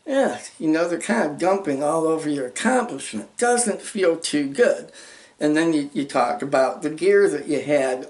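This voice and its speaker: A man's voice: on the high side, expressive, normal speed, a little mellow. A man hosting a motivational self-help lesson, talking emphatically and acting out little example conversations. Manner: emphatic, acts out example dialogue. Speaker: channel host teaching social skills.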